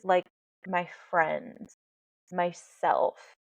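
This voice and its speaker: This woman, a life coach and podcast host, talks very slowly in a fairly low, creaky voice. She's blunt, candid, and freely profane, telling animated stories, captured in lo-fi sound with no room sound.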